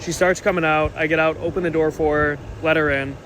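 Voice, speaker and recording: A young man telling a personal story to the camera, indignant and animated, acting out quoted lines. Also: on the high side, fairly quick, a little hiss or hum, low-quality recording.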